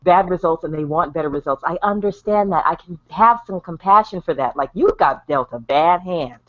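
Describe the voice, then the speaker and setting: A woman's voice: on the low side, expressive, moderate pace, phone-quality sound. A woman hosting a casual online chat show, talking bluntly and laughing often over a voice call. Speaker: show host.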